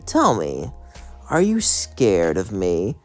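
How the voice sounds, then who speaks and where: A man voicing a suave, manipulative male demon who speaks in a theatrical, sly, drawn-out way. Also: low-pitched, wildly swooping pitch, soft background music, heavily acted.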